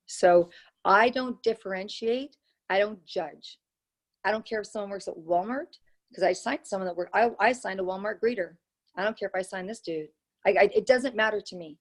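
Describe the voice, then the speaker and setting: Animated woman telling sales stories. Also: mid-range voice, moderate pace. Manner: animated, acts out her own dialogue, repeats phrases for emphasis. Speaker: network marketing leader, guest. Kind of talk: conversational interview storytelling.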